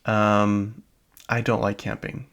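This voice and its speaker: A man's voice: fairly low pitch, flat delivery, takes it slowly, a bit bright. A young adult man hosting a solo podcast, chatting casually and rambling with lots of filler words and small laughs. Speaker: podcast host.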